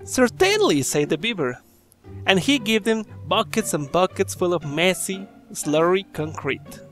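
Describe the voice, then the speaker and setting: A man's voice: high-pitched, a little slow, a bit bright, soft background music. A man reading a children's horror story aloud, breaking off for chatty, joking asides to the listeners.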